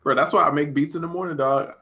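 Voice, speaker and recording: Young male producer, bright tense voice, relaxed slangy podcast talk. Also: on the high side, fast. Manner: relaxed slangy, says dog and bro. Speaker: music producer, podcast co-host. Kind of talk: casual chat.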